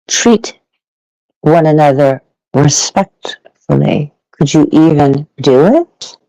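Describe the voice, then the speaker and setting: A man speaks slowly through a gravelly, fry-heavy voice, ranting at his listeners with profanity and biting sarcasm. The sound is dry and close, with no room around it, and his pitch sits a little high. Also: warm tone, no echo, low-quality recording. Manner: angry, profane, sarcastic, rambling. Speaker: live audio panel host. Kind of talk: ranting casual monologue.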